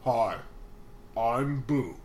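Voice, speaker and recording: A podcast co-host doing a Darth Vader impression while he reads a listener email aloud in a slow, heavy voice. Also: medium pitch, expressive, voice pushed down. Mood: ominous. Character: Darth Vader impression, deep menacing male villain. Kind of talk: put-on voice reading a letter aloud. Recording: loud clicking noise over the voice.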